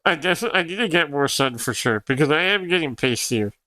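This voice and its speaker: A man's voice: fairly high pitch, lively intonation, fast talker, sharp tone, dry recording. A young man whose first language is Spanish, chatting casually on a livestream, rambling and laughing often as he answers chat. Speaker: streamer.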